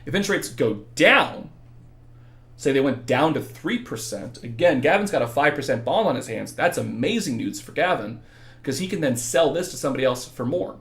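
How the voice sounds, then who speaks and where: A young adult man who teaches economics runs a casual livestreamed exam review, speaking quickly and chattily in a mid-range, slightly bright, animated voice. He answers viewers' questions by name and sounds tired after hours of talking.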